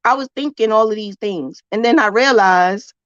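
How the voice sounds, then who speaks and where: A woman's voice: medium pitch, normal speed, a bit bright, no room sound, lo-fi sound. A woman hosting a casual crochet livestream, talking in a playful, chatty way and likening crochet hooks to a romance. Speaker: crochet host.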